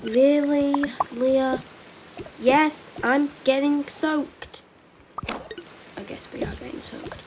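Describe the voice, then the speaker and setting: A woman's voice: high-pitched, takes it slowly, darkish tone. Playful girl voicing a doll-game family. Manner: playful, switches between character voices. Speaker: roleplay video maker. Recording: rain noise behind.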